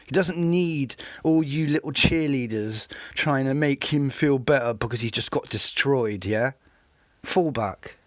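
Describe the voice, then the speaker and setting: A man's voice: medium pitch, a little slow, dry recording. A man giving scornful, mocking commentary over a recorded street debate.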